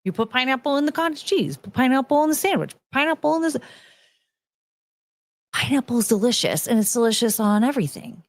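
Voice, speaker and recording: A woman in her thirties with a high-sitting voice talks a little fast, with no room sound. She hosts a casual show and reads chat, answering bluntly and somewhat profanely, animated throughout and doing mocking voices for quotes.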